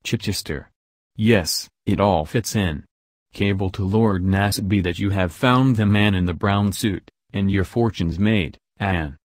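A man reading the lines of a poised, worldly woman who teases and probes her young friend in a measured way. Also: low voice, dry recording, clean studio sound. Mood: probing.

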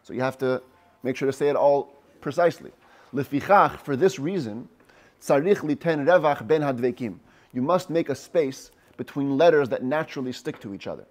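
A man, a rabbi, giving a text study class, reading Hebrew phrases slowly and explaining each one in English. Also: medium pitch, lively intonation, a little mellow.

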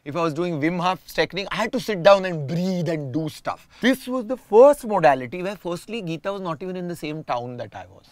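Reflective man, fairly high voice. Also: expressive, fairly quick, few pauses, no echo. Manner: reflective, explains at length with restarts. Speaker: guest. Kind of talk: casual conversation.

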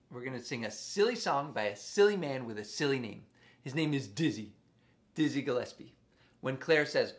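A man's voice: a little high, sing-song, moderate pace, fairly bright tone. Playful man teaching kids music. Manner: playful, sing-song, coaxing kids to join in. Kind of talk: interactive music lesson for young children.

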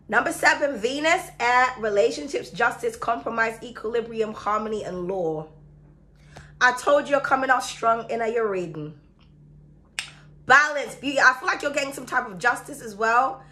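Bright-voiced chatty woman with sore throat. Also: high-pitched. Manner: chatty and excitable, calls viewers darling. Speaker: tarot reader. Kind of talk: casual astrology reading to camera.

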